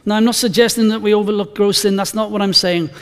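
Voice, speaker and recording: Male pastor, conversational sermon, high voice, long church-hall reverb. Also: fairly even intonation, fast talker, clean tone. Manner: conversational, anecdotal, emphatic scripture reading.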